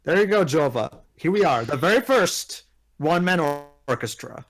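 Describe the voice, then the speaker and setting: A man with a slightly higher voice rambles through a casual movie commentary. He steers the group along, often restarting his sentences as he goes. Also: expressive, normal speed. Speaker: commentary host.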